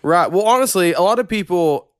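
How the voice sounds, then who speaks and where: A man's voice: high voice, animated, brisk, smooth, dry recording, clean studio sound. A young man from Oklahoma, hosting a podcast in loose, profane, filler-heavy chat. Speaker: podcast host. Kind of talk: casual chat.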